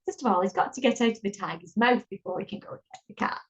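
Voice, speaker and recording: A woman's voice: mid-range voice, quick pace, slight background noise. A woman reading a picture book aloud to children, chatty and playful, stopping to ask the listener questions. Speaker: storyteller. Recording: dull lo-fi recording.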